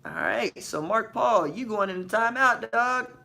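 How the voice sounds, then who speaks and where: A podcast host runs a live stream, reading chat questions out loud and answering with slangy, animated banter and quick rhetorical questions. His voice sits high and sounds gravelly.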